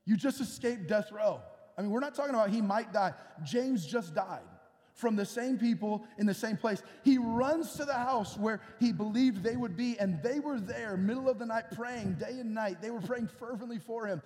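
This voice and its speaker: A man's voice: sits high, normal speed, darkish tone. A man preaching a sermon, retelling scripture with dramatic storytelling and acted-out scenes in a church. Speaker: pastor. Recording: long church-hall reverb.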